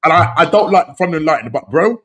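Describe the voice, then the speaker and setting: A man hosting a casual football podcast, talking in excited, slangy bursts and repeating phrases. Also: on the high side, fast talker. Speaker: podcast host.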